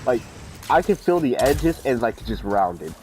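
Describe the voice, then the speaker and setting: A man's voice: medium pitch, sing-song, measured pace, background noise. A young man casually telling a rambling, profanity-laced story while playing a game. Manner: profane, rambling, full of fillers. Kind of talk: casual storytelling during gameplay.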